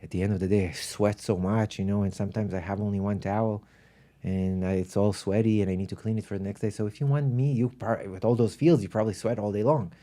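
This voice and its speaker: A man voicing a poor, simple farmer who speaks softly and earnestly. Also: fairly low pitch, steady tone, fast talker, natural voice.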